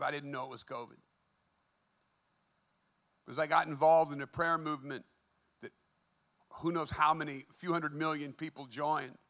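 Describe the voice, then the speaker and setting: Gravelly, bright-voiced male preacher. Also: a little high. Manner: fervent preaching, swinging between hushed and emphatic. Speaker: pastor. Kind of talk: sermon. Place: church.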